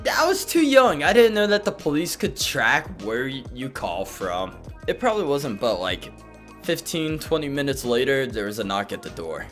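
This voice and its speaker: A young man in his twenties tells a childhood story in a casual, animated way. His voice swoops widely between low and high as he talks. Faint music plays under him. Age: 20s. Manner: animated, dips low and jumps high, laughs between bits. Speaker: vlogger.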